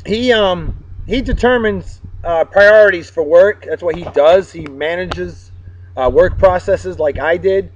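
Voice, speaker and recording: A man hosts a casual vlog, upbeat and joking as he gives shout-outs to friends. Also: sits high, unhurried, slight background noise. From Massachusetts. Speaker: vlog host. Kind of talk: casual chat. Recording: dull, dry sound.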